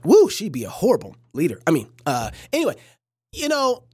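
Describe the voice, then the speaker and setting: A woman hosts a casual livestream and reacts to a clip with joking, preachy asides. Her voice swoops up and down over a wide, animated range. The sound is close and dry, with little room to it. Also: lowish voice, a little fast, slightly rough, no echo. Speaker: livestream host.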